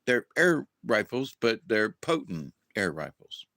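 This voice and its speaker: Slow rambling man on a livestream. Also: lowish voice, big pitch swings, creaky, a bit bright, no room sound. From southern United States. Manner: drawn-out, rambling, with restarts and acted-out quotes. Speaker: livestream host. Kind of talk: rambling casual livestream chat.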